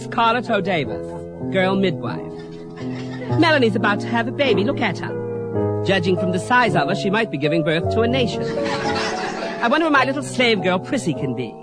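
A man's voice: high-pitched, sing-song, moderate pace, pauses often, over loud music. Man doing a campy haughty Southern belle. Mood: arch. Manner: campy, arch, drawling. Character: haughty Southern belle, a film-star impression. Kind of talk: stage comedy impression.

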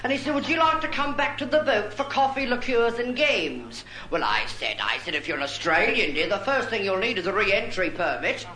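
A man's voice: high voice, lively intonation, moderate pace, few pauses. A man voicing a bawdy, aging showgirl, chatting in camp asides in a stand-up drag comedy act. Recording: roomy club recording with crowd noise.

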